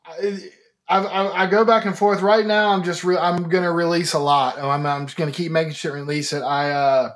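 Young guy from kentucky rambling through a dumb story on a podcast, voice a bit high. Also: fairly even intonation, moderate pace, fairly bright tone. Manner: rambling, self-mocking storyteller with frequent restarts. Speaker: musician guest. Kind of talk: casual podcast chat.

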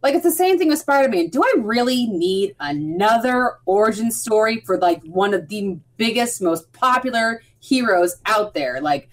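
A woman co-hosting a casual podcast chat, animated and opinionated. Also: mid-range voice, normal speed, few pauses. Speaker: podcast co-host.

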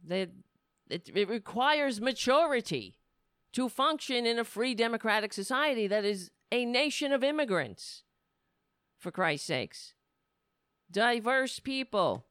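A woman commentator ranting with scorn and biting sarcasm. Her pitch rises and falls widely as she presses each point, and she takes her time. The sound is close and dry. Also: animated, measured pace, fairly bright tone, smooth, no echo. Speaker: political commentator. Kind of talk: angry commentary rant.

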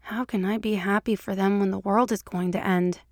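Woman narrator doing a theatrical middle-aged male agent, mock-grave, mid pitch, dry close read. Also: steady tone, moderate pace, darkish tone, no echo, lightly acted. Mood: plaintive. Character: wry middle-aged male agent, dramatic about baseball.

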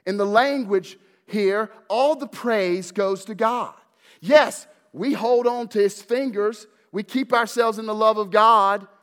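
A man preaching a sermon as pastor, fervent at his peaks and hushed at his close, repeating words as he builds emphasis. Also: sits high, takes it slowly. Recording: long hall reverb.

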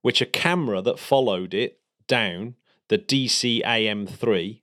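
A man co-hosting a podcast, chatting excitedly about space news with plenty of fillers and restarts. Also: lowish voice, measured pace. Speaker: podcast co-host. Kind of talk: casual space news chat.

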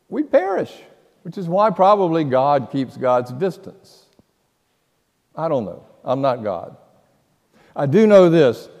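A man preaching a sermon, telling stories slowly and dramatically, dropping to a hush and then breaking into loud outbursts. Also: medium pitch, long reverb tail, dull audio. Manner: slow, dramatic storytelling with sudden loud outbursts and hushed passages. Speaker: pastor.

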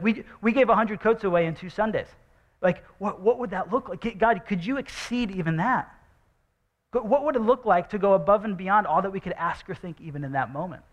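A male pastor preaching a sermon in a church, animated and jokey, repeating rhetorical questions to the congregation. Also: high voice, lo-fi sound. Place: church sanctuary.

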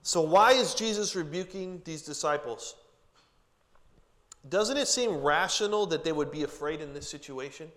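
A man's voice: fairly high pitch, moderate pace, fairly bright tone. A man preaching a casual, joking sermon to a group, with chatty asides. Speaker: pastor. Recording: long hall reverb.

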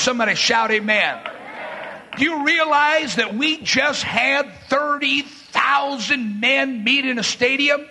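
A man preaching a fiery sermon, telling stories from his street and jail ministry and shouting his main points. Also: very high-pitched, unhurried, creaky, husky. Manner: shouting bursts, dramatic retelling with voiced quotes.

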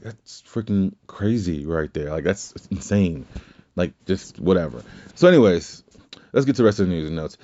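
Podcast host, male, low mellow voice, rambling and profane, muffled audio. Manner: rambling, profane, self-correcting. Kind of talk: casual storytelling chat.

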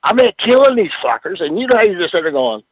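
A man's voice: high voice, sing-song, fast, breathy edge, dry recording. Profane older man spinning wild stories. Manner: profane, rambling storyteller with frequent "you know what I'm saying". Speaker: former pro wrestler, interview guest. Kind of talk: casual storytelling interview. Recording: dull lo-fi radio audio.

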